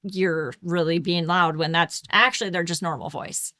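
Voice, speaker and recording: A woman co-hosting a podcast about home daycare, chatting in an animated way and sometimes mimicking kids' voices. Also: fairly low pitch, normal speed, dry recording, clean studio sound. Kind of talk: casual chat.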